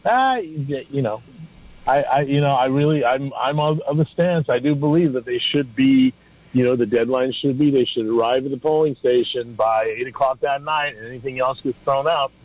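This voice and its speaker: A man calling in to a talk radio show, rambling and halting with many restarts. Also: mid-range voice, no room sound. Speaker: caller. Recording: dull lo-fi phone-in radio sound.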